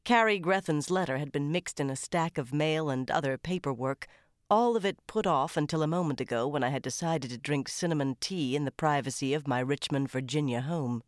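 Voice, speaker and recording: A woman narrating a crime novel audiobook in the first person with a measured, even-paced reading. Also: sits low, dry recording, studio quality.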